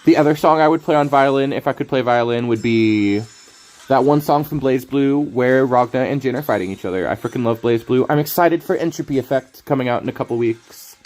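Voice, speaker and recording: A man's voice: medium pitch, a little fast, a little mellow. A man streaming a card game, rambling through casual commentary, playful and laughing often.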